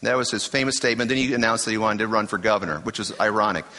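A middle-aged male preacher delivers a sermon with a bright, forceful voice. He is emphatic, throws out rhetorical questions and hammers key phrases through repetition. His voice rings out with a long reverb through a church hall. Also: lowish voice, rapid-fire.

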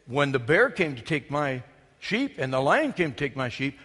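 A man voicing a bold young shepherd boy who speaks with loud defiance. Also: medium pitch, sing-song, moderate pace, breathy edge, long reverb tail, voice pushed down. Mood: defiant.

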